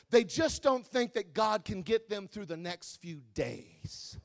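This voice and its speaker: A male pastor from Wisconsin, preaching a sermon that swings between quiet teaching and loud, shouted exhortation. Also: high voice, animated, slow, creaky.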